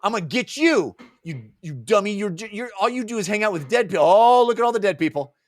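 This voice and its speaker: A man voicing a scheming female undead sorceress in a high, exaggerated mock voice. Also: animated, drawn-out words, bright, forceful tone, dry recording, studio quality, exaggerated voice.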